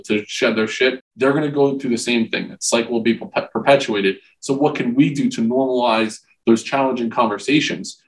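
A man's voice: mid-range voice, low-quality recording. A man in his forties, a podcast guest, talking frankly and earnestly about men's struggles, with casual swearing. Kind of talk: candid conversational interview.

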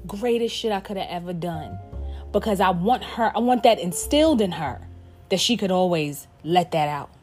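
Speaking candidly to her viewers as a parent, a woman uses profanity and emphatic repetition over faint background music. Her voice is fairly low and darkish in tone, with lively intonation at a normal speed.

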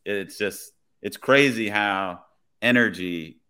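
A man, a police officer guest on a podcast, telling his story in a relaxed way with quoted dialogue. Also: on the low side, slow, clear, resonant tone.

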